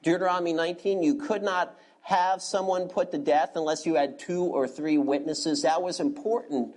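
A man's voice: a little high, steady tone, normal speed, a little mellow. A man preaching an expository sermon as a pastor, asking the congregation rhetorical questions and directing them to turn to verses.

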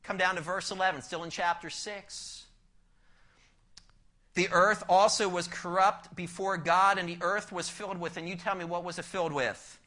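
A man delivers a sermon in a bright, cutting voice. He explains the text verse by verse and keeps asking his listeners questions. His volume swings from forceful emphasis down to a hushed near-whisper. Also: high-pitched, steady tone, moderate pace. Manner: asks the listeners rhetorical questions. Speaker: preacher. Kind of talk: expository sermon.

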